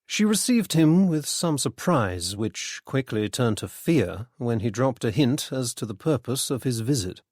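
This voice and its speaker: A man reading a mystery story aloud as narrator, in a measured, even manner. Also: mid-range voice, no room sound, studio quality. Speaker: audiobook narrator.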